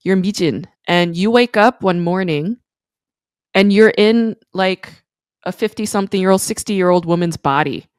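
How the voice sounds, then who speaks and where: Woman podcast host, fairly low voice, dry close sound, chatty and loose with restarts. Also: moderate pace, a little mellow, smooth, no room sound. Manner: chatty, talks through ideas with restarts. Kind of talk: casual interview chat.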